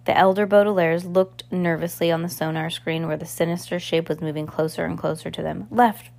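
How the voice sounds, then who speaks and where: A woman's voice: on the low side, level tone, brisk, gravelly, darkish tone. A woman reading a novel aloud in an unpolished way, with stumbles and restarts. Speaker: reader.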